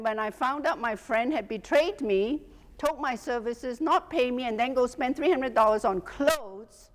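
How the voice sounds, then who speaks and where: A middle-aged woman teaching a class as a hypnotherapy instructor, telling lively stories and laughing often. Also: a little high. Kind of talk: storytelling lecture to a class. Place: teaching room with an audience. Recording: long hall reverb.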